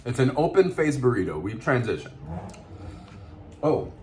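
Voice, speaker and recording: A man's voice: medium pitch, very animated, moderate pace, darkish tone, slight background noise. A man vlogger eating on camera while telling a story, chatty and laughing, mixing in Spanish words. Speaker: mukbang vlogger.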